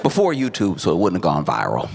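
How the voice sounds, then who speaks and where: A man's voice: deep voice, wildly swooping pitch, fast, creaky, long reverb tail, a crowd in the background, background noise. A man telling a stand-up story in a laid-back, wry way, laughing at his own jokes. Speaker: stand-up comedian.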